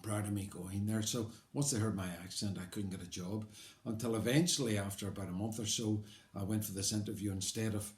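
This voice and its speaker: A man's voice: fairly low pitch, fairly even intonation, fairly quick. An older man with a Belfast accent, telling his own life story in a conversational, wry way, rambling a little with fillers. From Belfast, Northern Ireland. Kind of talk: personal life story told aloud. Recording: roomy echo.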